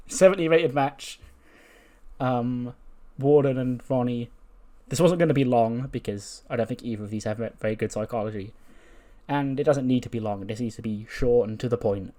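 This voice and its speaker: Casting: a man hosting a let's play, loose and rambling, mid-pitched. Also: moderate pace, warm tone. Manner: rambling, swears, frequent "like". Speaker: gaming video host. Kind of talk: casual let's play commentary.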